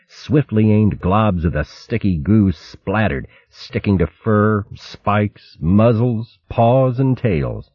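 A man's voice: on the low side, slightly rough, no room sound, muffled recording. A man reading a storybook aloud as narrator, telling it expressively. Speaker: audiobook narrator. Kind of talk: scripted narration.

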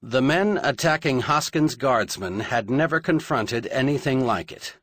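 A man narrating an audiobook in a dramatic, measured storytelling manner. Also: medium pitch, expressive, a bit bright, no echo, clean studio sound.

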